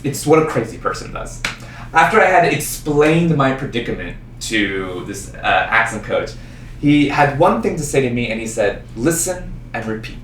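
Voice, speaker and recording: Alone on stage in a small performance space, a young man mocks himself through animated storytelling at a moderate pace in a mid-range voice. Distant, roomy sound carries faint ambience and slight background noise.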